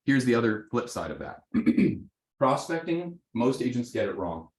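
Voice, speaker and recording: A man teaching a live real estate seminar to an audience, animated, often checking in with "right?" and acting out sample conversations. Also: mid-range voice, normal speed. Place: training room with audience. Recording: roomy echo.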